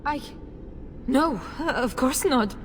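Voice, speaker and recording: A woman's voice: high voice, expressive, very slow, slight background noise, exaggerated voice. A desperate noble mother. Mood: pleading. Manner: pleading, emotional.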